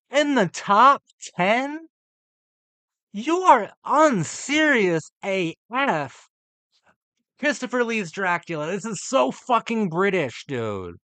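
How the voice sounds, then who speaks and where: Guy ranting about a movie list, swearing a lot, kinda high voice, dry close sound. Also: bright, forceful tone, no room sound. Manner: profane, exasperated, sarcastic ranting. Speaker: horror movie reactor. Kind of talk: ranting reaction commentary.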